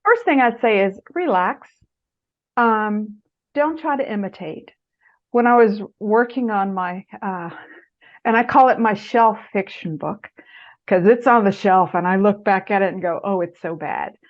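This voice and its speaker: Heard through muffled, lo-fi audio, a middle-aged woman author and guest speaker offers writing advice at a measured pace in a medium-pitched voice. She tells stories animatedly, lifting her voice to act out quotes.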